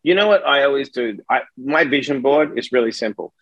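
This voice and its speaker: A middle-aged man talking in a casual podcast conversation, emphatic and profane, telling stories with animated energy. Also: mid-range voice, fairly quick, dry recording, highs cut off.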